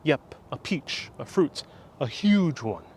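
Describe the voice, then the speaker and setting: A man with a fairly high voice, guiding a tour of an outdoor sculpture park. He retells a legend in a casual, lively manner, with his pitch rising and dipping. A small wireless clip-on mic picks him up outdoors. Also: slow, slightly rough. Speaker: tour guide host.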